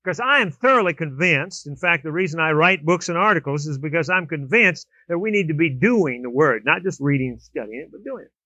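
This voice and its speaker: A male preacher with a bright, forceful, somewhat high voice delivers a sermon full of storytelling. He swings his pitch and volume up and down as he acts out everyday scenes. The recording is dry and a little dull. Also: expressive, fairly quick, few pauses, no room sound. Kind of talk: sermon with humorous illustrations.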